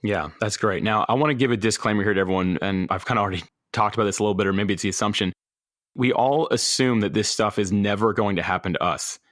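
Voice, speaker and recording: Fast-talking man hosting a podcast. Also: on the low side, no room sound, clean studio sound. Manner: animated storyteller, acts out quoted people. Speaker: podcast host. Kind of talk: conversational podcast interview.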